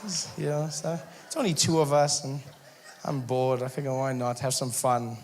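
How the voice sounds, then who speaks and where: A man performing a stand-up comedy set on stage, telling stories with animated, mock-indignant bursts. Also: mid-range voice, moderate pace, a little hiss or hum. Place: comedy stage before live audience.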